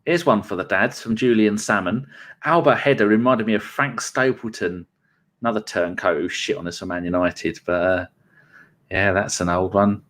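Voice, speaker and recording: A man's voice: fairly low pitch, moderate pace, a bit bright. A man hosting a live football podcast, reading out chat comments in a laid-back way, swearing and laughing often.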